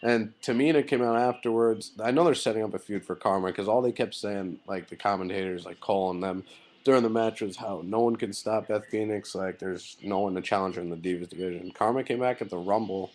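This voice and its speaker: A man's voice: fairly low pitch, brisk, darkish tone. A man giving a casual video review of a wrestling show, loose and rambling with many fillers and blunt, swearing opinions. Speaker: wrestling vlogger.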